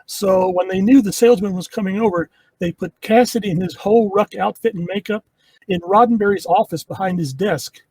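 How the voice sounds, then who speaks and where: A man's voice: high voice, a little fast, darkish tone, breathy edge. A man co-hosting a podcast, chatting casually and telling anecdotes. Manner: storytelling, anecdotal. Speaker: podcast co-host. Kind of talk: casual commentary with trivia anecdotes.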